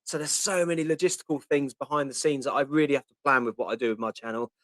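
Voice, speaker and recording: A man's voice: medium pitch, fairly even intonation, quick pace, a bit bright, no room sound. A man from Portsmouth with a Cockney-tinged Portsmouth accent, hosting a casual live Q&A. He rambles in a chatty way, reads viewer comments aloud and fills gaps with ums. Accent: Portsmouth English, Cockney-tinged. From Portsmouth, England. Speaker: live stream host.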